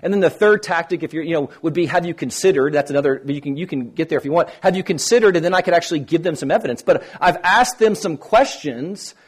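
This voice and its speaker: A man's voice: a little high, quick pace, hardly any pauses, slightly rough. A man giving an informal teaching talk on Christian apologetics, speaking conversationally and acting out quoted dialogue. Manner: conversational, restarts often, acts out quoted dialogue.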